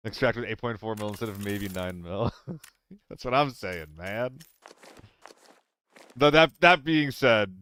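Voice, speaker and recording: A young man chatting casually with his viewers while streaming a game, playful and quick to laugh. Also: lowish voice, a bit bright, clear, resonant tone. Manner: playful, apologetic, laughs often.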